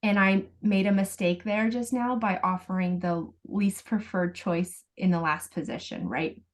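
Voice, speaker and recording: A woman coaching a parent over a video call. Her pitch sits in the middle, and she explains things patiently, one step at a time. Now and then she acts out the phrases a parent might say. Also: fairly even intonation, unhurried.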